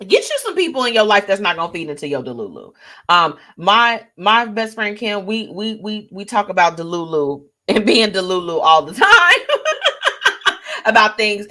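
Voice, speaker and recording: Animated laughing woman show host. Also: mid-range voice. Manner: animated, laughing, addresses audience as y'all and baby. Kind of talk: live show commentary reading viewer comments.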